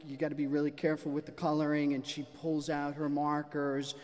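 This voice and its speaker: A man telling a personal story to a live audience, animated and self-mocking. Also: on the high side, a little fast. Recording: long hall reverb.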